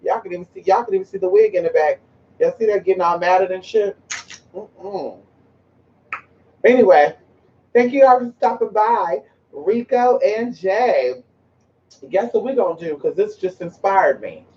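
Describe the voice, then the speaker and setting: A man's voice: sits high, very animated, normal speed, pauses often, far from the mic. A man vlogging at home in a sassy, chatty way, talking straight to his viewers and to his pet. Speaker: spiritual vlogger. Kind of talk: casual vlog chat to viewers. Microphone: camera mic. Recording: muffled camera audio from off the mic.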